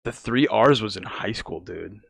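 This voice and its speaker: A young man co-hosting a podcast in casual chat, laid-back and quick to laugh, swearing freely. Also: fairly low pitch, expressive, gravelly, fairly bright tone. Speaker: podcast co-host.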